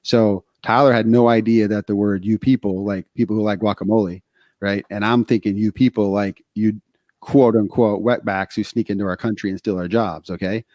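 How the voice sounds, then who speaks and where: Middle-aged man, podcast co-host, low voice, dry close sound, candid and rambling. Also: fairly even intonation, normal speed, a little mellow, no echo. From United States. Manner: candid storytelling with many fillers. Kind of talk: casual podcast talk.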